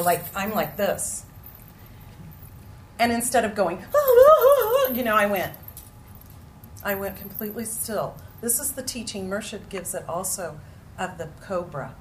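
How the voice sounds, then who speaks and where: A woman leading a group, telling a story with animated bursts and acted-out shouts. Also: mid-range voice. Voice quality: animated, acts out moments with sudden loud cries. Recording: noisy room ambience.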